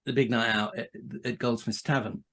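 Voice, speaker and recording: A man's voice: mid-range voice, fairly even intonation, moderate pace, a bit bright. Man telling a rambling anecdote. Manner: rambling, many restarts and asides, laughs while telling. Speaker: podcast guest. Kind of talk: casual anecdotal storytelling.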